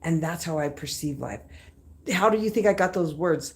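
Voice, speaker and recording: An emphatic woman in her thirties talks to her live viewers in a casual motivational chat. Her voice sits a little low, and she leans on repeated phrases and easy slang. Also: lively intonation, moderate pace, darkish tone. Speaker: motivational live-stream host.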